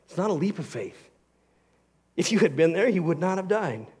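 A man preaching a sermon as pastor, earnest and emphatic, swinging between loud passages and quiet ones. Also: high voice, sing-song, moderate pace, slightly rough.

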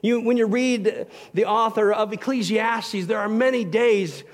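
Speaking a little slowly in a high-pitched voice, a man preaches as pastor. His sermon is earnest and emphatic, rising to loud passages and dropping into quiet ones.

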